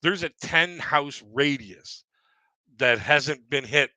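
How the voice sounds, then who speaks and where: A man's voice: on the high side, takes it slowly, pushed and bright, no room sound. A middle-aged man doing casual stand-up storytelling, rambling and chuckling at his own jokes. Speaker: stand-up comedian. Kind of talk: casual stand-up storytelling on a live audio panel.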